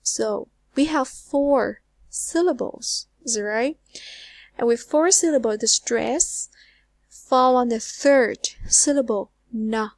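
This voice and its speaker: Asking her learners questions and repeating words at a slow pace, a woman gives an English lesson that was recorded online. Her phrases trail away to a near whisper at the end. She has a darkish tone, a slightly high voice, and the audio carries no echo.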